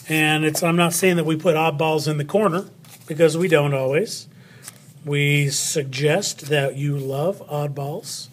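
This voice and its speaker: A man leads a children's spelling lesson, unhurried and playful. His voice sits a bit higher than most men's. He talks close to the mic as if to one child. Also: fairly even intonation. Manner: playful, slow and patient, speaks to an unseen child. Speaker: teacher.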